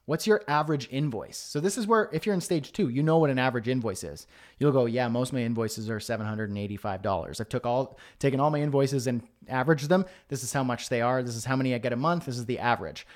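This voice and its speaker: A man hosting a live-streamed business workshop, coaching emphatically with many rhetorical questions. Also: mid-range voice. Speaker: host.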